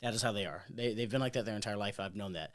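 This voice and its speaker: A man co-hosting a podcast, telling a story in casual chat and acting out what people said with loud, swearing bursts. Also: lowish voice, rapid-fire. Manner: animated, acts out quotes with loud swearing bursts. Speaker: podcast co-host.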